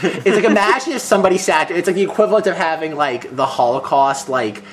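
A man co-hosting a casual podcast at home, rambling and animated, saying "like" constantly. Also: fairly high pitch, fast. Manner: rambling, heavy use of "like", animated. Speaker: podcast co-host. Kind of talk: casual chat. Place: room at home.

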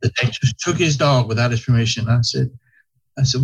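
Man, vet clinic owner, rambling storyteller, husky tone. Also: mid-range voice, fairly quick. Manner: folksy, rambling, with many restarts. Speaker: veterinary practice owner, podcast guest. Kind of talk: casual storytelling chat. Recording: slightly muffled lo-fi audio.

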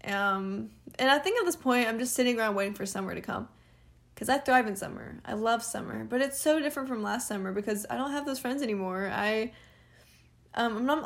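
A young woman of about twenty, venting casually on her own podcast, rambling with lots of fillers and laughing now and then. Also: on the high side. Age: young adult. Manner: rambling, filler-heavy, candid, frequent laughs. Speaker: podcast host.

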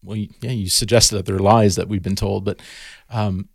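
A man's voice: on the low side, steady tone, moderate pace, gravelly, dry recording, clean studio sound. A man, a garden educator, talking casually as a podcast guest and telling stories with lots of restarts and fillers. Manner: storytelling, many restarts and fillers.

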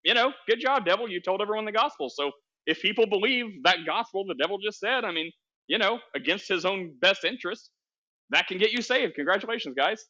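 Here the host's voice sits high, with lively intonation, a slightly quick pace, and a sharp edge. He talks casually and wanders, restarting often and laughing at himself, over a dull lo-fi recording.

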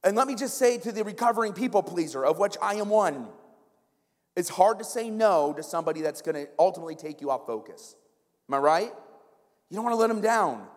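High-voiced, joking pastor in a hall. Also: male voice, lively intonation, fairly quick. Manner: humorous, conversational, keeps asking "right?". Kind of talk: sermon. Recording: long reverb in a big hall.

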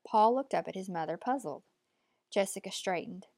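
A woman narrating an audiobook at a measured, steady pace. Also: on the low side, no echo.

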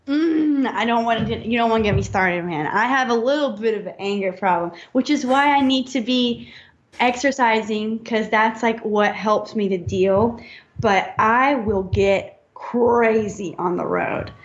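A woman's voice: on the high side, a little slow. Giggly woman, muffled recording. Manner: giggly, rambling, confessional. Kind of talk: casual chat.

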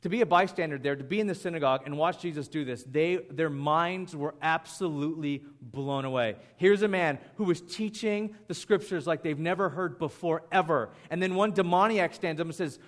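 A male pastor preaching with a slightly raised pitch. He talks in a lively, conversational way, like he's chatting with the congregation rather than reading. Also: fairly quick, hardly any pauses. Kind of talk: sermon.

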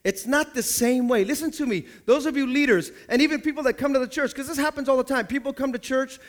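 A man's voice: very high-pitched, quick pace. A man pastor preaching a sermon in church, calling on the congregation to answer back and acting out little scenes in other people's voices.

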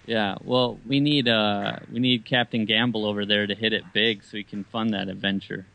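Low-ish guy bantering, dry jokes, casual podcast chat. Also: fairly even intonation, moderate pace, creaky, bright, forceful tone, rough recording.

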